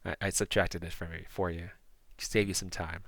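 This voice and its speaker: A man running a tabletop game as game master, narrating in a halting way that repeats words. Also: low voice, level tone, fairly bright tone, a little hiss or hum.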